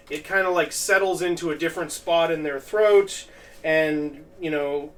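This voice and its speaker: A man's voice: a little high, steady tone, measured pace, a bit bright. A man streaming as he crafts, thinking aloud in a casual, rambling way with lots of filler words. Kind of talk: casual live-stream chat while crafting. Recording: distant mic with faint background noise.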